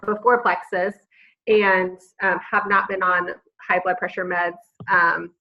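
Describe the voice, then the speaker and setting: A woman, a pharmacist and mother, telling her personal story earnestly on a group call from home, with many pauses and fillers. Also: on the low side, steady tone. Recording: dull lo-fi call audio.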